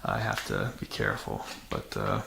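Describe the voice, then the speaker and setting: This channel host has a bass voice with huge pitch swings, vocal fry, and a pushed, bright quality at a moderate pace. Talking casually to camera for his dirt bike vlog, he's matter-of-fact and full of fillers and restarts, in an echoey room with faint noise.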